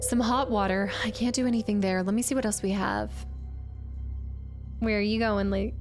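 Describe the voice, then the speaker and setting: A woman's voice: medium pitch, expressive, normal speed, over music. A woman streaming a game live and chatting casually as she thinks aloud through puzzles. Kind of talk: live gameplay commentary.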